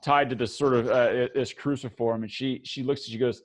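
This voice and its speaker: Running a tabletop session, this game master speaks at medium pitch in an even tone, though his narration halts often, full of fillers and restarts.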